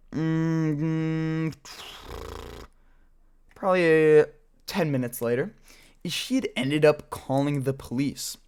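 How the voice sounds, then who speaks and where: A young man tells a childhood story in a loose, rambling way, swearing freely and filling gaps with filler words. His voice sits a little on the high side. The feel is an offhand story-time chat recorded while he plays a game. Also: darkish tone, clear, resonant tone. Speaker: storyteller vlogger.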